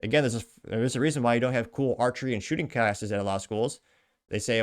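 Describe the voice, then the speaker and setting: A man's voice: medium pitch, lively intonation. Blunt, sarcastic male show host. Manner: blunt, sarcastic, quick asides. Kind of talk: casual commentary reading viewer comments.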